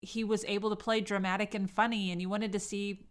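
A woman's voice: mid-range voice, flat delivery, a little fast. Chatty woman hosting a podcast. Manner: chatty, emphatic, frequent agreeing interjections. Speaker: podcast host. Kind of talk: casual chat.

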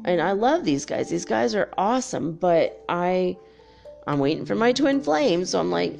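Middle-aged woman vlogger, raspy fry in her voice, loose and profane, animated storyteller. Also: mid-range voice, moderate pace, faint music behind. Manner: chatty, swears freely, animated storytelling. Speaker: spiritual vlogger. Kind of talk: casual chat.

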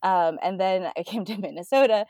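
A woman's voice: mid-range voice, brisk, a little mellow, dry recording. A woman in her twenties, a podcast guest chatting casually, laughing often and filling her talk with "like". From United States. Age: 20s. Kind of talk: casual chat.

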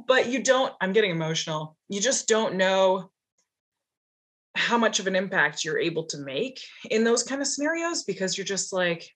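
A woman's voice: mid-range voice, lively intonation, normal speed. A woman from Canada hosting an interview, talking with enthusiasm and reflection and laughing often. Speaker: podcast host. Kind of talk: casual interview chat.

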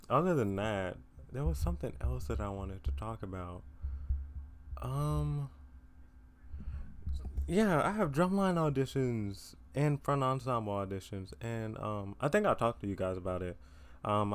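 A teenage guy hosts his own podcast, sounding worn out as he rambles through his week. His voice sits a bit low and comes across smooth and clear. He talks casually, leaning on fillers and poking fun at himself. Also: unhurried. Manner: rambling, filler-heavy, self-deprecating. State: tired. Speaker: podcast host. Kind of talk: casual solo chat.

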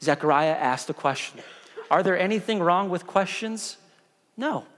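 High-voiced, joking pastor preaching. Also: male voice, lively intonation, normal speed, fairly bright tone. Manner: conversational, joking, emphatic. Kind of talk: sermon. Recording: long reverb of a large hall.

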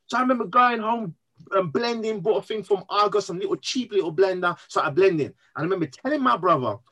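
A man, speaking as a podcast guest, earnest and emotional, telling his story in an animated way. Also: high-pitched, quick pace, poor audio. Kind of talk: candid interview conversation.

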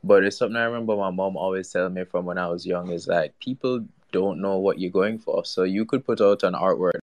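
An artist, a man, sharing thoughts on his work in a reflective, measured way during a casual online chat. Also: low-pitched, no room sound. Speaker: artist guest.

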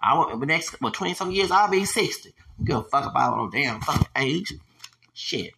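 A man in his forties rants on his own podcast in an angry, profane stream. His voice sits a little high and comes out bright and forceful. He stammers and restarts, then swings into loud, heated bursts. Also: expressive, brisk, creaky. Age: 40s. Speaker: podcast host. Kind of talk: solo podcast rant.

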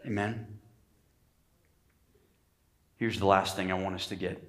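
A man's voice: deep voice, fairly even intonation, slow pace, pauses often. A male pastor preaching a sermon emphatically, calling for amens from the congregation. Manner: emphatic preaching, calls for amens, rising to shouts. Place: church sanctuary.

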